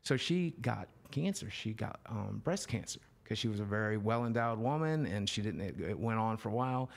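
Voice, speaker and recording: A middle-aged man sits as a podcast guest, telling a personal story with loose, profane candor. His voice sits low with a gravelly edge, and it sinks to hushed, almost whispered phrases before picking back up. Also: expressive, normal speed. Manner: emotional storyteller, swears freely, drops to near whispers. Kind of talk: candid interview storytelling.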